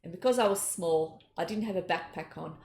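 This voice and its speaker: A woman's voice: lowish voice, fairly quick. Earnest woman in an echoey room. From Australia. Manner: earnest, gentle, storytelling. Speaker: psychic and spiritual teacher. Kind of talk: spiritual talk with personal storytelling. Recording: echoey room, faint noise.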